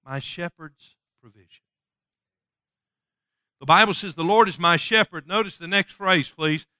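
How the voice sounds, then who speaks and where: A man preaching a sermon who swings from loud, ringing passages to soft, hushed appeals and quotes scripture in old-fashioned wording. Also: sits high, brisk, dry recording, studio quality. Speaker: pastor.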